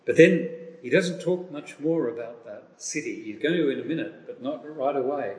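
A man preaching a sermon, reading scripture aloud slowly and with emphasis. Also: medium pitch, darkish tone. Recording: echoey hall with long reverb.

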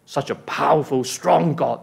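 A man's voice: measured pace, creaky, slightly rough. A man preaching a sermon, acting out biblical dialogue with rising, emotional delivery and slightly non-native English phrasing. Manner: acts out biblical speeches with rising emotional pitch.

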